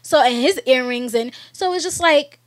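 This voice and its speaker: Animated young New York woman. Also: high-pitched, normal speed. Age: young adult. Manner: animated, emphatic, talks in long runs. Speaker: guest actress. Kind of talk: casual podcast interview. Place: recording studio.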